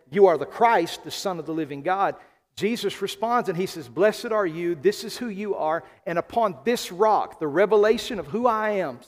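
A man from the American South preaching a sermon as pastor, emphatic, slowing and repeating key phrases. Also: on the high side. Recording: long hall reverb.

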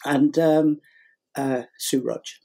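Rambling storytelling man, husky voice. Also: fairly high pitch, steady tone, very slow, dark tone. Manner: rambling, many fillers and repeats, acts out quotes. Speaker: guest, sugar flower artist and teacher. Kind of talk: casual storytelling in a podcast interview.

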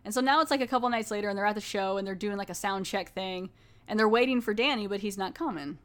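Brief: woman podcast host, casual recap, chatty with lots of fillers, mid pitch. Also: fast. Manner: chatty, filler-heavy, often restarts.

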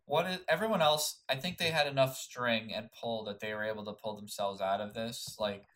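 A young man co-hosting a casual movie chat, relaxed and musing, often restarting his thoughts. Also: lowish voice, a little fast.

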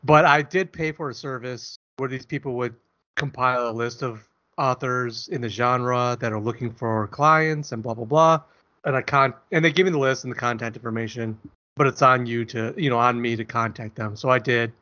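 In dull lo-fi audio, a male podcast co-host rambles and jokes, often at his own expense. His voice is medium-pitched and sharp in tone, at a moderate pace.

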